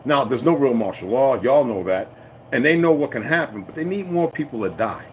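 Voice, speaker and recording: This is a man running a casual livestream, speaking at an ordinary middle pitch. He rants freely and swears often, wandering off on side tangents. A faint noise sits under his voice. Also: expressive, brisk, low-quality recording. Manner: profane, emphatic, loose and digressive. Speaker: livestream host reading viewer comments. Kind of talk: rambling casual rant to live viewers.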